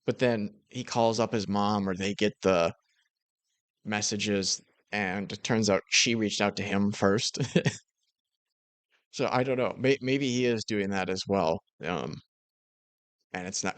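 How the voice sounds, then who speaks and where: A man's voice: fairly low pitch, steady tone, a little slow, no echo. A man giving sarcastic reaction commentary on online drama, with a snarky, mocking way of talking.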